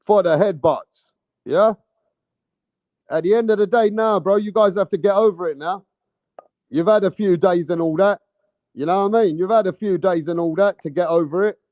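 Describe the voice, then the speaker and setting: A man's voice: high-pitched, dry recording, highs cut off. A man giving casual vlog commentary on boxing, with a brash, profane, heated ranting manner.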